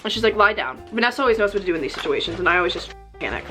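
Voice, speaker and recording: A woman's voice: mid-range voice, expressive, rapid-fire, a bit bright, soft background music. A young woman chatting casually while doing her makeup, rambling through a story with lots of fillers. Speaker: beauty vlogger. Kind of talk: casual get-ready-with-me chat.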